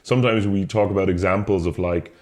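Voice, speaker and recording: A man with a fairly low voice chats loosely as a podcast co-host. He rambles quickly from thought to thought and breaks into laughter often. The talk is relaxed and unscripted. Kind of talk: casual chat. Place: North Clare, Ireland.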